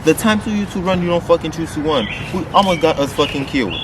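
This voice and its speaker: A man vlogging a story time, swearing freely and jumping to loud outbursts when he quotes people. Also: fairly high pitch, quick pace. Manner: animated, swearing, loud bursts when quoting. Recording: noisy outdoor street sound.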